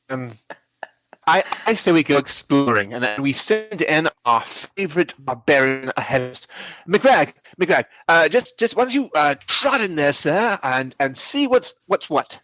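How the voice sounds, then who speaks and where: A man's voice: a little high, normal speed, no room sound. A man playing a tabletop game, stammering and repeating himself as he talks. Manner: stammering, animated. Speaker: player.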